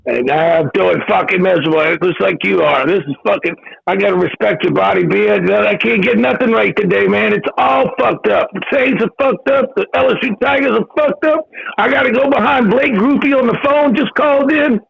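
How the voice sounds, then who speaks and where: A man's voice: sits high, brisk, creaky, husky. A man calling a sports show by phone, profane and despairing. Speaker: caller. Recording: muffled phone line.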